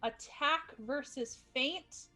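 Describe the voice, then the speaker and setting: A woman's voice: high voice, slow, sharp tone, faint music behind. A woman narrating as game master, chatty and cheerful, with stumbles and asides.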